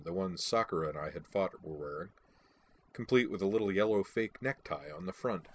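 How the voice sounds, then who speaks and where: A man narrates a first-person audiobook in a wry, dry-humored manner. His voice is very low and a little husky, and the telling is steady and lightly amused.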